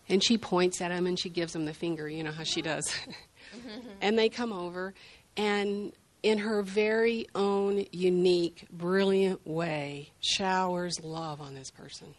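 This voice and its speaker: An older grandmother telling a heartfelt personal story in an unhurried, reflective way. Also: lowish voice, steady tone. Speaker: group sharer.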